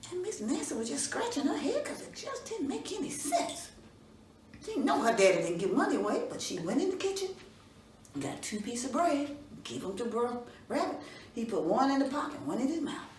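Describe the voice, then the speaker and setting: A woman storyteller telling a folk tale for children, expressive and folksy, her voice fairly high and rising and falling widely. She sounds distant from the mic in a roomy space, with faint noise behind her.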